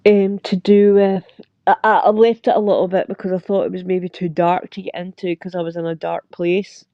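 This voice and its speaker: A woman's voice: lowish voice, flat delivery, normal speed, dry recording. A middle-aged Scottish woman hosting a casual livestream chat, rambling with lots of fillers and frequent laughs. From Scotland. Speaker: livestream host. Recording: dull lo-fi sound.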